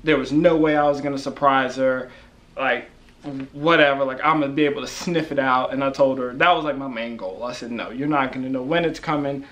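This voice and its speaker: A man casually telling a story in a relaxed, easygoing way. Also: medium pitch, fairly quick. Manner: relaxed, easygoing, full of fillers.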